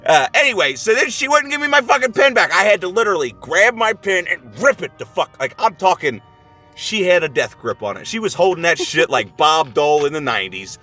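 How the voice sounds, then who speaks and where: A man's voice: high-pitched, very animated, fairly quick, sharp tone, faint music behind. A man hosting his own video, telling a story in a casual, heavily profane rant. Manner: swears heavily, acts out quotes. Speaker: video host and movie reviewer.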